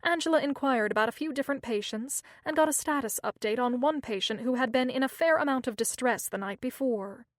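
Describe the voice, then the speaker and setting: Steady woman audiobook narrator. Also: high voice, a little fast, hardly any pauses, no echo, clean studio sound. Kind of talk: scripted narration.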